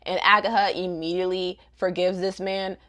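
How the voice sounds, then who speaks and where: A young woman vlogger giving a casual, gossipy recap in an animated, slangy way. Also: lowish voice, normal speed.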